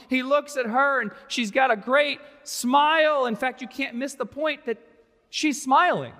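A man's voice: extremely high pitch, measured pace, sharp tone. A man pastor giving a sermon, conversational with wry asides, in a church sanctuary. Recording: long reverb of a large sanctuary.

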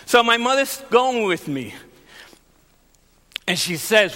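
Animated man preaching in a reverberant hall. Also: high-pitched, moderate pace. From Long Island, New York. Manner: animated storyteller, acts out shouting scenes. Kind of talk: sermon with personal stories.

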